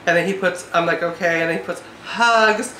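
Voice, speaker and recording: A woman's voice: fairly low pitch, fairly quick, pushed and bright, slight background noise. A woman in her twenties chatting casually in a vlog, peppering her talk with "like" and sounding exasperated. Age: 20s. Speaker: vlogger. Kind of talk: casual chat. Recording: echoey room.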